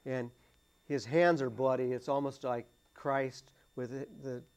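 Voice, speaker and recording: A man sits on a studio panel talking through a film he likes. He speaks at an everyday pitch and stops often to restart his sentences, with plenty of fillers between thoughts. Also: fairly even intonation, darkish tone. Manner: halting, many restarts and fillers. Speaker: panelist on a movie discussion show. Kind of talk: casual chat about a film. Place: cable TV studio.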